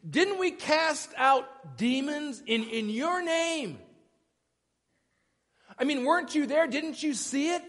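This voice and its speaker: A man's voice: very high-pitched, animated, measured pace, hardly any pauses, fairly bright tone, pitched above the performer's own voice, heavily acted. A man voicing an indignant, self-righteous man who protests that his good deeds should count. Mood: protesting. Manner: pleading, self-righteous, incredulous. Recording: echoey church hall.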